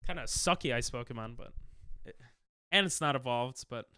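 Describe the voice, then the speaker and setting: A man's voice: medium pitch, expressive, a little slow, sharp tone, clean tone, no echo, studio quality. Coughing, sick young man streaming a game. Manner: casual, jokey, reads and answers chat. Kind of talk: live-stream gaming chat.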